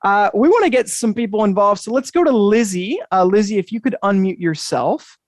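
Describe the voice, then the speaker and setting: A man's voice: high-pitched, expressive, a little fast, no echo, studio quality. A man hosting an interactive magic show over a video call, talking to the audience with upbeat, enthusiastic patter. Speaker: magician and host.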